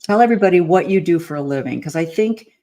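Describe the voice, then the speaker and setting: A woman's voice: on the low side, expressive, fast talker, warm tone. A woman interviewing a guest, mostly offering brief encouraging interjections. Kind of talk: conversational interview.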